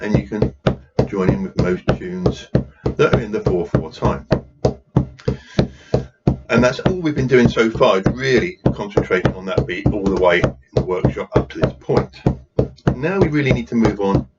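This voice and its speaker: Deep-voiced guy teaching a drum class, counts the beats out patiently, dull noisy recording. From England. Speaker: drumming workshop teacher. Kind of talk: demonstrating drum rhythms while counting. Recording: dull lo-fi sound with noise.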